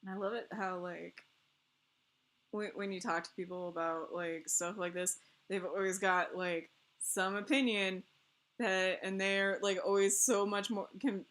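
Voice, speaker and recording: A woman chats casually as a co-host on a game stream. Her voice is bright and clear. She rambles in an animated way and laughs often between phrases. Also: mid-range voice, unhurried.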